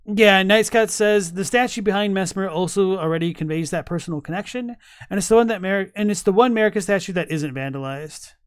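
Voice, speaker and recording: A man's voice: sits high, fairly quick, clear, resonant tone, dry recording, studio quality. A man casually chatting on a live stream, thinking aloud with many fillers and restarts while reading chat messages. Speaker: streamer reacting to game lore.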